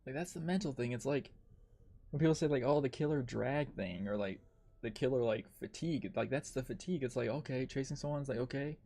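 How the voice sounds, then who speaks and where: A man's voice: mid-range voice, quick pace, dark tone. A man streaming a game, ranting in frustration and swearing a lot as he comments on his play. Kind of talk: live gameplay commentary.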